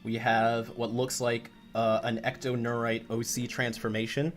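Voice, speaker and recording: A man's voice: mid-range voice, level tone, moderate pace, faint music behind. A man hosting a casual livestream as a comic creator, chatty and rambling, full of restarts.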